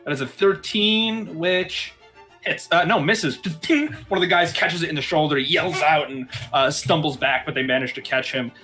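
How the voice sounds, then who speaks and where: A man's voice: a little high, moderate pace, pushed and bright, faint music behind. A man narrating a tabletop game as game master in a casual way, with frequent fillers.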